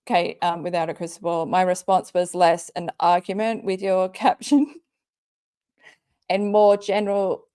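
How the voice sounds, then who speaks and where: A commentary channel host with a darkish, medium-pitched female voice. During her live stream she reads out tweets and tears into them with angry sarcasm and plenty of swearing.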